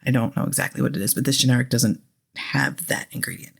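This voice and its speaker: A woman hosting her own podcast in casual solo talk, candid and rambling, with a hoarse, phlegmy voice and frequent restarts. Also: a bass voice, quick pace. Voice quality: raspy, phlegmy voice with a lingering cough. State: hoarse throat. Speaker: podcast host.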